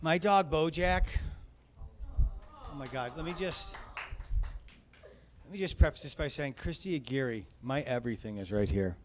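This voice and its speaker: A man's voice: medium pitch, normal speed, long pauses, music in the background. A male stand-up comedian on a comedy club stage, talking in a profane, rambling, conversational way.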